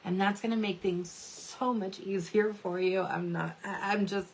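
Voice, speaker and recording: A woman's voice: fairly low pitch, fairly even intonation, measured pace, few pauses, slight background noise. A woman in her thirties giving a chatty social media tutorial, often checking in with "right?" and "okay?". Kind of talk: casual tutorial talk to camera.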